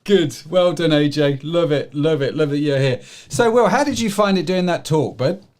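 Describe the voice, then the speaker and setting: A man's voice: fairly high pitch, normal speed, darkish tone. A man hosting a church livestream, chatty and joking in a loose, casual way. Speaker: livestream host. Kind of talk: casual chat.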